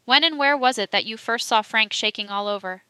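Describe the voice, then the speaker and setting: A woman reading the lines of a forceful male prosecuting solicitor, pressing and emphatic in his questions. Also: a little high, brisk, smooth, no room sound.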